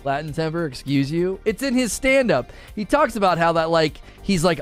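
A man's voice: fairly high pitch, very animated, normal speed, hardly any pauses, smooth, faint music behind. A young adult man chatting casually on a live stream, talking with animation and laughing often.

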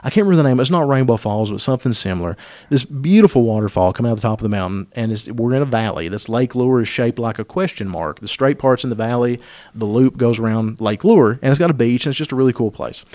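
A man's voice: medium pitch, fast, darkish tone, no echo. A man hosting a podcast, telling a comic story in a profane, self-interrupting way. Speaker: podcast host.

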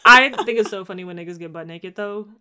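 A woman's voice: mid-range voice, fast, pushed and bright, clean tone. A woman co-hosting a casual chat, telling the story of an episode with emphatic, blunt reactions. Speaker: podcast co-host recapping a TV episode.

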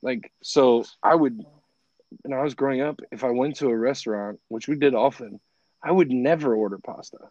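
A man who grew up in Italy talks in an easy, animated way and laughs often. His voice sits at an ordinary middle pitch. The sound is close and dry, with no room echo. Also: normal speed, lo-fi sound. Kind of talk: casual chat.

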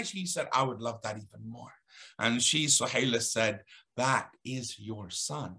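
Speaking at a measured pace in a mid-range voice, this guest on an Islamic talk show has a bright, forceful edge. He recounts a story with vivid, dramatic emphasis that keeps rising and falling.

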